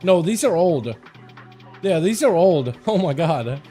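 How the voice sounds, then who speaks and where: A tired male game streamer chatting casually with his viewers, laughing often and breaking into excited outbursts. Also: high-pitched, moderate pace, faint music behind. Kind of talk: casual livestream chat.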